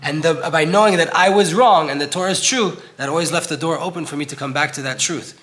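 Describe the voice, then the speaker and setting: A man's voice: fairly high pitch, fast, fairly bright tone. A young man teaching an informal Torah class in an old synagogue, earnest and conversational, acting out voices when he quotes people.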